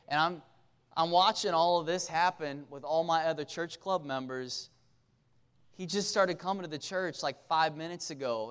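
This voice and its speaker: Joking male preacher, smooth voice. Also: on the high side, fairly bright tone. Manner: joking, conversational, asides to the audience. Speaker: preacher at a youth camp. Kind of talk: casual sermon.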